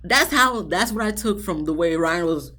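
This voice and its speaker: Speaking at a moderate pace in a lowish voice, this reality TV reviewer runs through an episode with lots of slang and chatter. She's lively as she narrates, performing the quotes from the cast herself.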